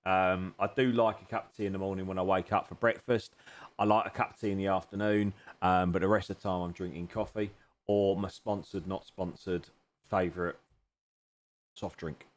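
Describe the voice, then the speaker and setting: A man's voice: sits low, fairly even intonation, moderate pace. Chatty man bantering with his stream. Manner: jokey, teasing banter, grateful to chat. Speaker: sim racing streamer. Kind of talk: live-stream chat with viewers while racing. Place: home sim racing rig.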